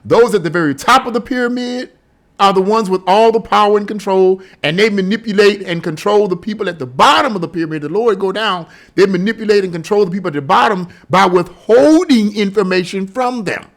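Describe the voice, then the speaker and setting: High-voiced, scoffing male commentator. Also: brisk. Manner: emphatic, scoffing, full of rhetorical questions. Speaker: political commentator. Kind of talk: casual opinion vlog.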